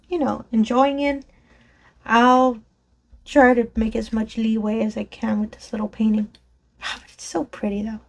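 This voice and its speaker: Brief: woman crafting vlogger, voice on the higher side, bubbly and rambling, laughs a lot, talks into a desk mic. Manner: chatty and enthusiastic, frequent laughs and self-corrections. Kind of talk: casual chat while sorting craft supplies. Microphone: desk microphone below a raised camera.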